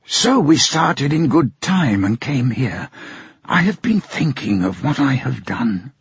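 A man reading an audiobook, voicing a timid little old father who is gentle, anxious and remorseful. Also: medium pitch, sing-song, takes it slowly, husky, no echo, heavily acted. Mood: pleading. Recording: dull lo-fi sound.

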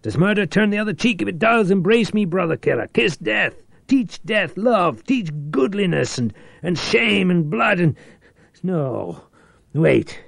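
Guy putting on a wild desperate man, yelling high and loud, gravelly edge. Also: very animated, unhurried, no echo, heavily acted. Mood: raging. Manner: shouting, frantic.

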